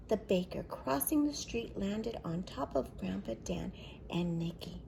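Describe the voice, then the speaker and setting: A woman, a daycare teacher, reading a children's picture book aloud with expressive delivery and soft whispered asides. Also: mid-range voice, a little slow, gravelly, a little hiss or hum.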